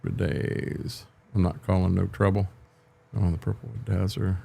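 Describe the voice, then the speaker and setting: A man's voice: sits low, steady tone, a little slow, creaky, warm tone, breathy edge. An older man streaming a farming game from home, chatting casually with viewers on a desk microphone, rambling and repeating his words as he talks. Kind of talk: casual livestream chat with viewers.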